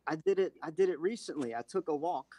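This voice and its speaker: Excitable rambling man. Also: a little high, fast, crowd noise, rough recording. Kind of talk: casual chat.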